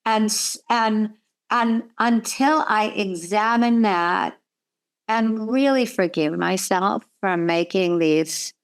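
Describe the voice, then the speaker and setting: Slow, earnest woman reflecting. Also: mid-range voice, clear, resonant tone. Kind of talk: reflective conversation.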